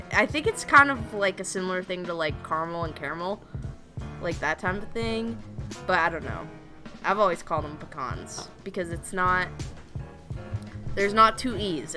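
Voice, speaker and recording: A young woman from Tennessee with a Southern accent, co-hosting a podcast in casual chat, full of fillers and laughs. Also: fairly low pitch. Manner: chatty, laughs often, many fillers. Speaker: podcast co-host.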